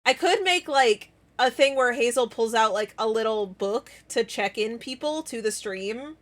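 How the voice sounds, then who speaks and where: A woman's voice: on the high side, expressive, a little slow. A young woman live-streaming in casual chat, giggly and playful, bursting into squeals and laughter.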